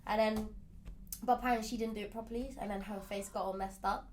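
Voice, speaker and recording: A young woman who grew up in Ireland, chatting casually and telling an animated story about her family. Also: mid-range voice, quick pace, slight background noise. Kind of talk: casual chat.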